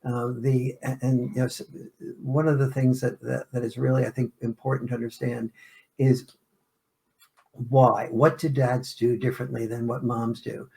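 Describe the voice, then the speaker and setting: Gravelly man explaining at length. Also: mid-range voice, little pitch movement, normal speed, a little mellow. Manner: explanatory, illustrates points with acted-out family scenes. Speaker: author and interview guest. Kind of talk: interview answers.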